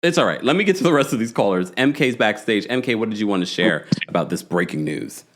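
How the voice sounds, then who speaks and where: A man's voice: fairly low pitch, expressive, quick pace, a little hiss or hum. A man hosting a live call-in show, explaining clips and bringing callers up. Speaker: podcast host.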